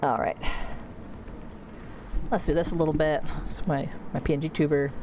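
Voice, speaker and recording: Woman streaming a game at home, low voice, rambly and chatty, lots of little restarts. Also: little pitch movement, moderate pace, background noise. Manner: rambling, chatty, self-correcting. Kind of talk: casual gameplay chat. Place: home computer room.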